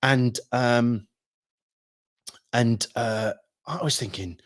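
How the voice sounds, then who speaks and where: A middle-aged man telling a story casually, rambling with many ums and restarts, swearing freely and acting out shouted quotes. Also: medium pitch, extremely slow, no room sound, clean studio sound. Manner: acts out shouted quotes with sudden bursts. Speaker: hypnosis trainer recounting military past.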